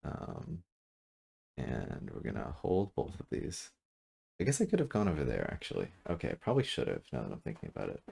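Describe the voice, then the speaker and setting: A man commentating his own game at his computer, thinking out loud, correcting himself and trailing off with fillers, seated a little back from a desk mic. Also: extremely low pitch, wildly swooping pitch, creaky, breathy edge. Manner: musing, self-correcting, halting with fillers. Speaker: gameplay commentator. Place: room at a computer. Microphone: desk mic, sitting back from it.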